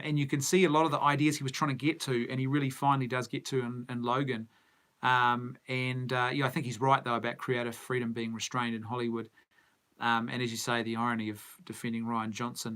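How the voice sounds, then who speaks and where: Bright-voiced New Zealand man. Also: mid-range voice, flat delivery, brisk. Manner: musing, answers viewer comments aloud. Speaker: movie news show host. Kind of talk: casual live-stream chat.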